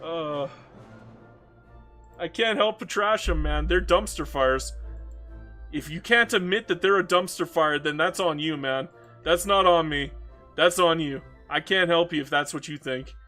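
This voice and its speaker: A man's voice: fairly high pitch, unhurried, bright, forceful tone, faint music behind. A man streaming a strategy game, chatting casually and ranting with frequent laughs and stammered restarts. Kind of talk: casual chat while gaming.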